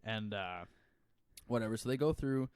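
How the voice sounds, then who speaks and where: A young man with a lowish voice chats casually as a podcast co-host, rambling and laughing between thoughts. The sound is close and dry. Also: lively intonation, moderate pace, a little mellow, dry recording. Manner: rambling, laughs often, slips into mock accents.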